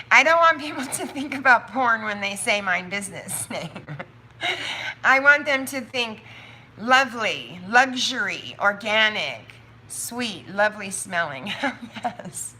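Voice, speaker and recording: Bright-voiced chatty woman thinking aloud. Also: mid-range voice, lively intonation, husky. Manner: chatty, thinking out loud, quick asides and laughs. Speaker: soap maker hosting a live stream. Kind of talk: casual livestream chat.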